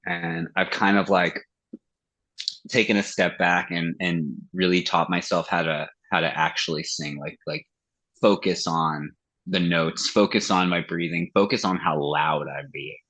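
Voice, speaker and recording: A metal singer being interviewed on a podcast, talking in a loose, profane way. His voice sits low and a little husky. He acts out what others said to him as he tells his stories. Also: steady tone, a little slow, bright, forceful tone, poor audio. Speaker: guest singer of a metal band. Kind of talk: casual interview chat.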